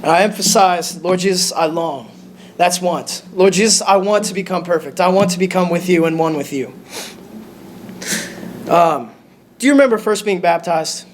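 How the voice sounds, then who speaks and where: A young man giving a short lesson in a church sanctuary, speaking in a nervous, halting way and restarting his sentences often. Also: high voice, slight background noise. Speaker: lay preacher.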